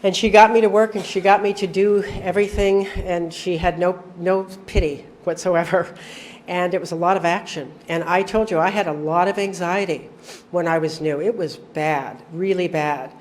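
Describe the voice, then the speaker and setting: This is a middle-aged woman telling her own story at a recovery meeting. Her voice sits slightly low, and a faint hum runs behind her. She tells it frankly, with wry jokes at her own expense. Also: steady tone, normal speed. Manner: storytelling with acted-out dialogue and wry self-deprecating humor. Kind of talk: personal testimony to an audience.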